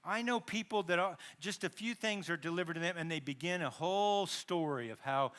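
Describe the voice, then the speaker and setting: A man's voice: a little high, a little fast, few pauses, a bit bright. A male pastor preaching a sermon in a conversational way, with asides, self-corrections and dramatized quotes. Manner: dramatizes quotes with rising emphasis.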